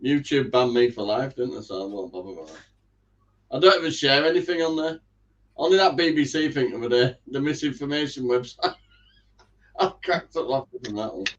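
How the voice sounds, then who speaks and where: A man's voice: medium pitch, fairly quick, dull audio, a little hiss or hum. A man joining a casual live chat, making wisecracks and chuckling. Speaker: chat guest.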